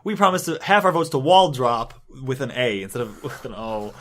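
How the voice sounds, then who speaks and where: A man's voice: mid-range voice, expressive, brisk. A man casually recapping a comic book on a podcast, rambling, laughing and swearing as he goes. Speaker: podcast co-host.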